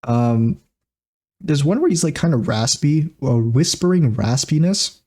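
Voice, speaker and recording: A man's voice: a little high, animated, a little slow, dark tone. A man co-hosting a podcast, rambling through recaps in casual chat, laughing often and filling gaps with "like" and "uh". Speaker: podcast co-host.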